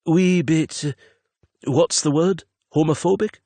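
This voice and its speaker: A man's voice: fairly high pitch, a little slow, dark tone, breathy edge, no room sound, voice pushed up. A man voicing a weary middle-aged father who is blunt and tactless, speaking in a raised, brash, emotional voice. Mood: rueful.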